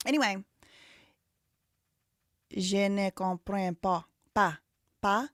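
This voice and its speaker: A woman's voice: lowish voice, moderate pace, pauses often, dry recording, studio quality. A woman in her thirties hosting a live stream, rambling casually and thinking aloud with lots of "like" fillers. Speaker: livestream host.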